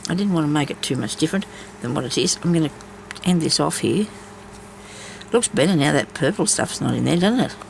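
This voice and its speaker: A woman's voice: low voice, expressive, fairly quick, creaky, slight background noise, poor audio. A woman chats casually while she embroiders, rambling from story to story with many asides. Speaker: craft vlogger.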